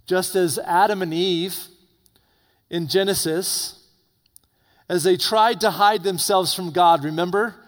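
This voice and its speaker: Male preacher, sermon, slow deliberate delivery, loud urgent peaks, hushed low warnings, echoing church hall. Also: fairly even intonation. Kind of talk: evening sermon. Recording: long reverb of a hall.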